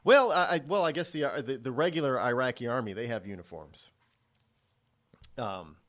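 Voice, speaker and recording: A man hosting a talk show, commenting on a news story in a loose, halting way full of restarts and asides. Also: mid-range voice, lively intonation, a bit bright. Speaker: radio show host. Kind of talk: rambling solo commentary on news.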